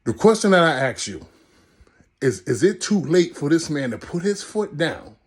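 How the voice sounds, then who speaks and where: A man hosting a storytelling vlog, animated and laughing as he tells a story and talks to his viewers. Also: a little high, normal speed, breathy edge. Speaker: podcast host.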